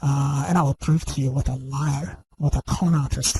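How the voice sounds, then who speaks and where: A man giving an unscripted, accusing video monologue, halting and full of fillers and restarts. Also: medium pitch, steady tone, a little mellow, slightly rough, poor audio. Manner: accusing and indignant. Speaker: online video commentator.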